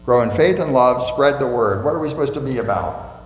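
A man's voice: medium pitch, expressive, brisk. A man preaching a sermon as pastor, emphatic, asking the congregation questions and repeating key phrases. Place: church sanctuary. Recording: echoey church hall with faint mains hum.

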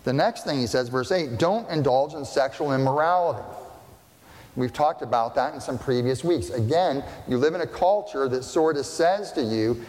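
A man's voice: medium pitch, animated, moderate pace, darkish tone. A man pastor preaching a conversational sermon, often checking in with the congregation by asking "right?". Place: church sanctuary. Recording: long reverb of a church hall.

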